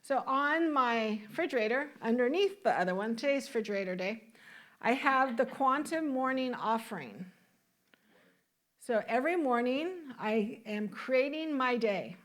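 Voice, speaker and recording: A woman's voice: on the high side, animated, normal speed. A woman minister giving a conversational sermon in a church, asking the congregation questions and laughing now and then. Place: church sanctuary.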